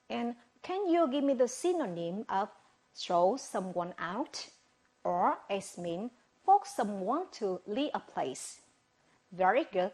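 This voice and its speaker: Slow, lively Vietnamese teacher woman. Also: mid-range voice, slightly rough. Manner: slow, drawn-out, asks questions and praises with "very good". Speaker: English teacher. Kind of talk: televised classroom lesson.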